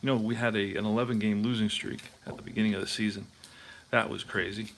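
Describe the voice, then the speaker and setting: Man, low gravelly voice, casual tabletop baseball host, thinking aloud, faint background hiss. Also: little pitch movement, fast talker. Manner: thinking aloud, checking scorebooks, many fillers. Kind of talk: casual talk while playing.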